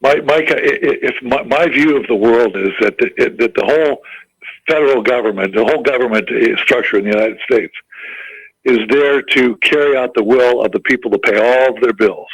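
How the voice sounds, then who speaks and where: A man's voice: medium pitch, normal speed, breathy edge, no echo, low-quality recording. A man calling in to a talk radio show, speaking casually with frequent stumbling restarts. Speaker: caller. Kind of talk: casual call-in chat.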